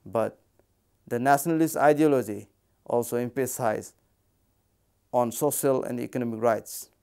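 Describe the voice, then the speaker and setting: Indian english guy reading a lecture, steady and measured, dark mellow voice. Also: mid-range voice, clear, resonant tone. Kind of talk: recorded academic lecture.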